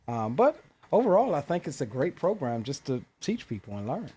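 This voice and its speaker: A man talking in casual podcast chat, measured and relaxed with frequent fillers. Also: fairly high pitch, husky. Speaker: podcast guest.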